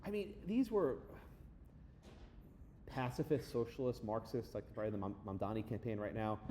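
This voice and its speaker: A middle-aged man giving a lively, conversational lecture to an audience, often checking in with a quick "right?". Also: on the low side, a little hiss or hum. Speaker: law professor giving a guest lecture. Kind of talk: animated lecture with slides.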